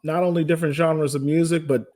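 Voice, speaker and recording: A man from the Midwest, a radio sales director, explaining things in a measured, informative way during an interview. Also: fairly high pitch, fairly even intonation, mellow. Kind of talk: interview conversation.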